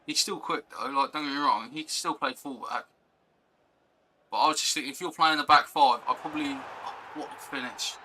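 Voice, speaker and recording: A man's voice: on the high side, a little fast, pushed and bright, slight background noise, low-quality recording. A young man chatting casually on a live stream, rambling and reacting to chat and gameplay.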